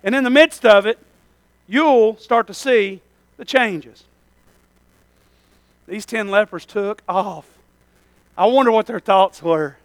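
A man's voice: high voice, slow, pauses often, no echo. A man preaching a fervent sermon as pastor, calling for amens and using folksy slang.

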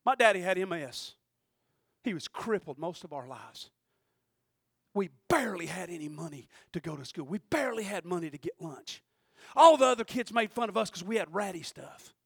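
Guy preaching, high voice, dry close sound, goes from shouting to near quiet, keeps asking the room amen. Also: lively intonation, moderate pace, creaky, husky, no echo. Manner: swings from loud shouting to quiet, low intensity; preaches with call-and-response asides to the congregation. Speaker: pastor. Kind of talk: sermon.

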